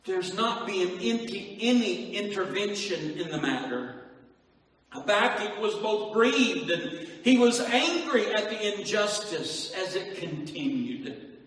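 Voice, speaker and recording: High-voiced preacher in an echoey hall. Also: male voice, animated, takes it slowly, fairly bright tone, distant mic. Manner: preaching with rising, sing-song emphasis and rhetorical questions. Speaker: pastor. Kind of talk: sermon. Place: church hall.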